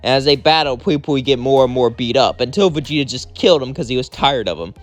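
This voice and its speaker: A man's voice: mid-range voice, lively intonation, fast, soft background music. A man casually narrating a fan story in a plain, rambling way.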